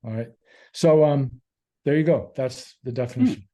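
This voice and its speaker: A man's voice: mid-range voice, normal speed, warm tone. A man talking as a guest author on a podcast, explaining ideas patiently step by step. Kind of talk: casual podcast chat.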